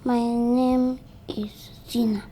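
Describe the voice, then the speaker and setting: A meek young woman, flat and dark. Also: fairly high pitch, slow. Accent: Nigerian Pidgin English. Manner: quiet, meek, flat repetitions. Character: timid young woman repeating her new name. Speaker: actress in a film. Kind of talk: film drama acting.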